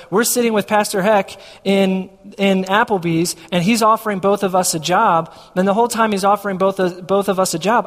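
A man's voice: high voice, in a large hall. A man preaching a sermon as a pastor, telling a story and acting out his own dialogue with God.

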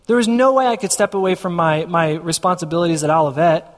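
High-voiced preacher in a reverberant hall. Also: male voice, quick pace. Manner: storytelling, acts out dialogue with God. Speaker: pastor. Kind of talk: sermon.

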